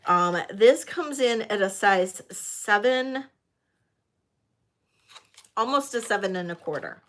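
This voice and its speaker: A woman's voice: mid-range voice, slow pace. Gushing woman hosting a live jewelry auction. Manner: gushing, excitable, chatty. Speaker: host of a live jewelry sale.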